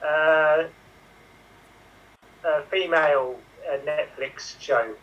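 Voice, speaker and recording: A man's voice: on the high side, fairly even intonation, drawn-out words, fairly bright tone, highs cut off. A man playing a party game, giving hesitant clues full of fillers. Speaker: game player.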